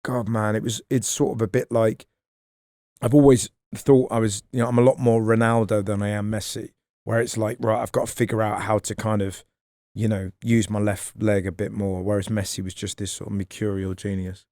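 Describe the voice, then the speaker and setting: A man, a comedian guest on a podcast, talking in a rambling, animated way and swearing freely. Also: fairly low pitch, a little fast, no room sound. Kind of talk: casual podcast chat.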